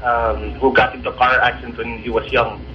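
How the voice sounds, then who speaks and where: A man's voice: mid-range voice, level tone, a little fast, soft background music. A man calling in to a radio show, telling his story in a hesitant, apologetic way over a muffled line. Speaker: caller.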